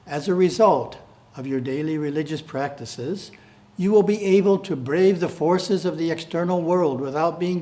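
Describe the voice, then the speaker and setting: Calm man reading spiritual instructions. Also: a little high. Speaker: publisher reading his editorial.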